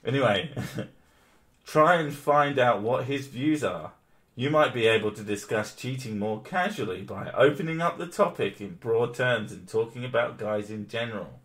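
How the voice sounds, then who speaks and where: A man's voice: mid-range voice, moderate pace, a bit bright. A man who streams, reading an article aloud in casual chat, swearing and mocking it with frequent laughs.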